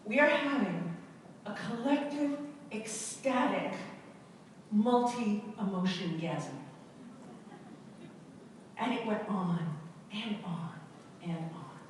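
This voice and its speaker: A middle-aged woman giving a personal storytelling talk to an audience, dramatic and emphatic, with long pauses and repetition. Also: medium pitch, expressive, a little hiss or hum. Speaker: speaker at a self-help event. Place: large indoor event hall. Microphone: camera in the audience. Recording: echoey hall recorded from far off.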